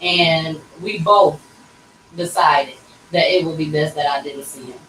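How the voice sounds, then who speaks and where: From a tattoo shop, a woman in her 30s livestreams a candid, emotional personal story, addressing viewers as "y'all." Her deep, slightly bright voice keeps a measured pace, and the distant mic catches room echo and a faint background hum.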